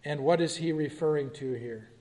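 A man's voice: fairly high pitch, moderate pace, mellow. Man teaching scripture in an echoing hall. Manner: reads scripture aloud then asks the group questions. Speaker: pastor. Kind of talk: Bible study teaching.

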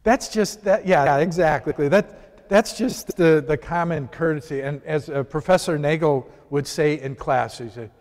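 Man, somewhat high voice, casual Bible class teacher quizzing his group, long hall reverb. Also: a little slow, darkish tone. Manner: conversational, poses questions to the class. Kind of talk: informal Bible lesson.

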